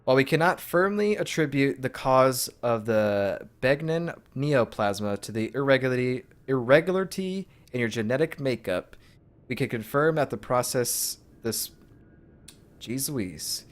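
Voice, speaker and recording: A man's voice: mid-range voice, expressive, moderate pace. A man streaming a game, casually reading its text aloud in his own voice with asides.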